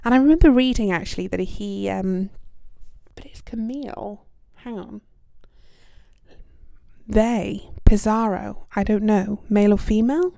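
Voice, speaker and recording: A young British woman chats through a relaxed solo podcast, self-deprecating and full of little fillers. Her voice is mellow and warm at a middle pitch. The recording is dry and close to the mic. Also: a little slow, creaky, dry recording. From United Kingdom. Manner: chatty, self-deprecating, lots of ums and likes. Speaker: podcast host. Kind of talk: casual reflective monologue.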